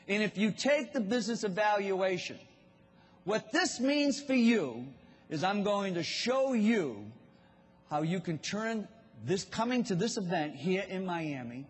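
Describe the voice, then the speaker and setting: A Boston-accented man delivers a motivational business talk, speaking slowly and addressing the crowd directly. His voice sits high and carries a husky edge. The sound rings with the long reverb of a large event hall. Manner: storytelling, addresses audience directly.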